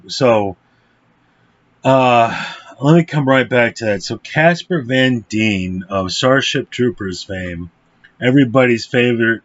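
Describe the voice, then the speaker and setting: Man, mid-pitched voice, casual movie review, blunt, swears freely, rambling with fillers, dull lo-fi sound. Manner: blunt and profane, with frequent fillers. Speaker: film reviewer.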